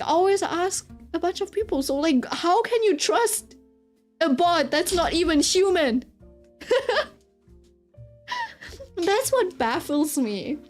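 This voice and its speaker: A woman's voice: high voice, a little mellow. A young woman chatting casually and rambling while she draws, laughing often and using lots of fillers. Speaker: artist streaming while drawing. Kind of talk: casual chat while drawing.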